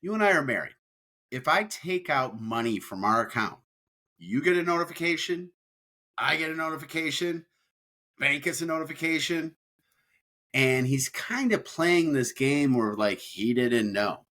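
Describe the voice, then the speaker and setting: A podcast co-host with a rather high, bright voice and lively intonation chats casually at a normal speed, his tone forceful. He rambles and repeats words as he talks.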